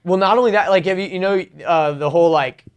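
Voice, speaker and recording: A man hosting a podcast, telling a story in an animated, casual way, swearing often and laughing. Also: high voice, fast talker, clean tone. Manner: animated, swearing, lots of fillers, laughs while telling stories. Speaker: podcast host.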